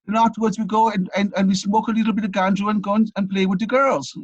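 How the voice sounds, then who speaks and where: A man voicing cheeky, laid-back teenage Jamaican boys in a loud, high, sing-song Jamaican accent. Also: fairly even intonation, fast talker, lo-fi sound.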